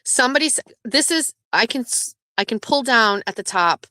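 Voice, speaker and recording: A woman's voice: fairly high pitch, expressive, moderate pace, pushed and bright, no echo. A woman hosting a casual live stream, chatting loosely, swearing freely and reading viewer messages aloud. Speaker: livestream host.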